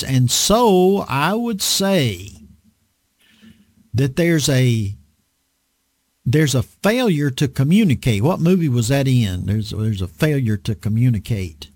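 An earnest male preacher speaks in a slightly raised voice that rises and falls with lively swings. He takes his time and often halts on fillers and restarts. The sound is dry and close. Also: a little high, no echo. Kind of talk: unhurried sermon-style talk on a program.

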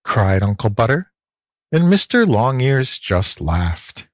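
A man's voice: mid-range voice, sing-song, slow, no room sound. A man narrating a children's storybook for a volunteer audiobook.

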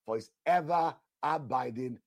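A man's voice: medium pitch, measured pace, creaky, no room sound, clean studio sound. A man preaching a sermon, emphatic, repeating his phrases and asking the listeners questions, with bursts of prayer in tongues.

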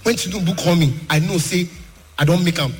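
A man's voice: high voice, fairly quick. A man with a Nigerian accent doing a stand-up comedy set in Pidgin-laced storytelling, breaking into impressions of callers. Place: large live-show hall. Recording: live hall with reverb and faint ambient noise.

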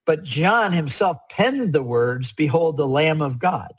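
Husky-voiced man explaining earnestly. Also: fairly high pitch, expressive, measured pace, rough recording. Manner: earnest, emphatic, repeats key points. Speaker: guest speaker on religious art. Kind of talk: conversational explanation.

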